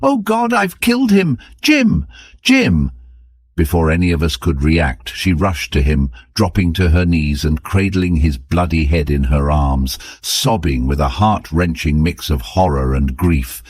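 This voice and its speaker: A man narrating an audiobook story for English learners in a clear, even storytelling manner. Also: extremely low pitch, measured pace, few pauses, dry recording, studio quality.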